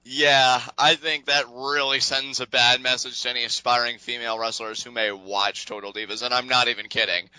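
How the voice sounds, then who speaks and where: An animated, sarcastic man co-hosting a casual podcast, his voice very bright and forward. He sounds dry and close to the mic, with no room around him. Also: medium pitch, moderate pace, hardly any pauses, smooth, no room sound, low-quality recording. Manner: animated, sarcastic, laughs often. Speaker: podcast co-host. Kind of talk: casual wrestling podcast chat.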